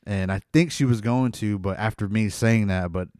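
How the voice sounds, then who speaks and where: A man's voice: on the low side, moderate pace, a little mellow, no room sound, studio quality. A man chatting casually and telling a childhood story, full of fillers, swearing and laughter. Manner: laid-back, lots of fillers, swearing, laughs while telling stories.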